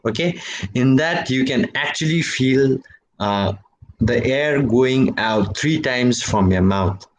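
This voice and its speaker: A man gives a university lecture on poetry, speaking slowly and deliberately and often saying "okay" and "right." He's expressive, stretching out example words and jumping up in pitch on them, and the recording is rough.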